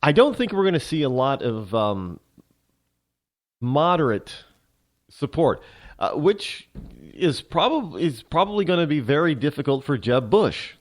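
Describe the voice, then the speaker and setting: A male talk host gives a rambling political monologue, his pitch animated. He speaks haltingly, restarting many times.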